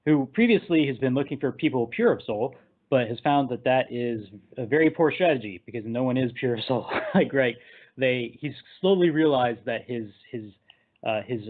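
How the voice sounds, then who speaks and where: A man hosting a casual movie discussion, rambling through the plot scene by scene and laughing at his own jokes. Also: medium pitch. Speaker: podcast host. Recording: tinny phone-like line.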